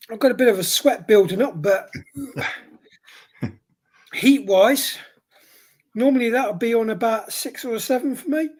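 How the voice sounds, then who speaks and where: Male livestream host with a head cold, husky voice, exclaiming through a hot sauce test. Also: extremely high pitch. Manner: exclaiming, reacting aloud to spicy heat. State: has a head cold, runny nose.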